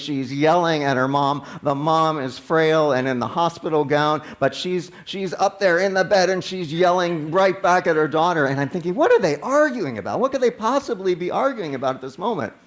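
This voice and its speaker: A man's voice: fairly high pitch, moderate pace, few pauses. A man, a minister telling a personal story in a sermon in a conversational way, often restarting words. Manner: conversational, animated when quoting others, frequent stammered restarts.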